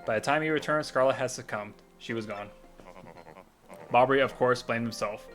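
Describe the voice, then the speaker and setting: A man's voice: medium pitch, brisk, a bit bright, soft background music. A man streaming a video game, reading its character dialogue aloud with a light dramatic lilt and stumbling over words now and then. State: coughing at times.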